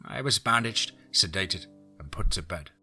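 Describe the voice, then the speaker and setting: A man reading a first-person horror story aloud as narrator in a steady storytelling voice. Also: low voice, moderate pace, soft background music.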